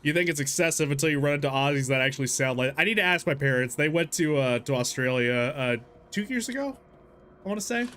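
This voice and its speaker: A man live-streaming a horror game, chatting in a rambling, self-deprecating way and breaking into yelling and swearing at the game. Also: fairly high pitch, lively intonation, fast, a little hiss or hum. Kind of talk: casual live gameplay commentary.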